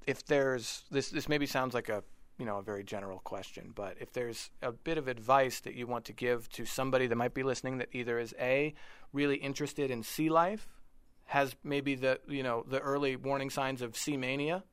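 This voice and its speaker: A man's voice: mid-range voice, steady tone, a little fast, a bit bright, clean tone, dry recording. A man hosting a casual interview, asking friendly, rambling questions with fillers. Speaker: podcast host.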